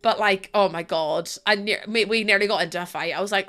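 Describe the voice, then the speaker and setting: A woman's voice: mid-range voice, brisk, fairly bright tone. A woman streamer chatting casually with her live chat while gaming, bubbly and giggly, rambling from one thought to the next.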